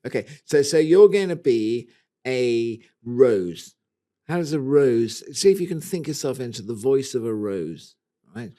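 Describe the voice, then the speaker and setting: Mellow-voiced man co-hosting a chat. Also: medium pitch, expressive, a little slow. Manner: rambling, playful, talks in restarts. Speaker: podcast co-host. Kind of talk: casual chat.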